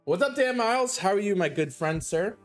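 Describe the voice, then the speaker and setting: Male game streamer, casual live chat, slightly raised pitch, upbeat and talkative, soft music under him. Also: animated, brisk. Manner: upbeat, chatty, greets viewers by name.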